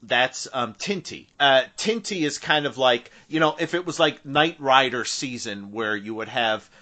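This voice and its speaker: A man co-hosting a podcast in casual chat about a TV movie, talking haltingly with restarts. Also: mid-range voice, pushed and bright. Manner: halting, with restarts and "you know". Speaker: podcast co-host.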